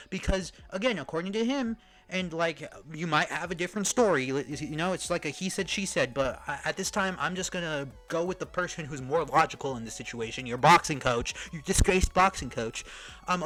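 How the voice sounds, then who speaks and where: A man ranting in a reaction commentary, heated and profane, swinging from shouts to mutters. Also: high-pitched, poor audio. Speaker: commentary streamer.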